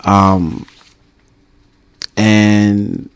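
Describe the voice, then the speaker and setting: Calm man in a dry booth. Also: fairly low pitch, very slow, clear, resonant tone, no room sound. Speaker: sports talk co-host. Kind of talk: casual sports debate.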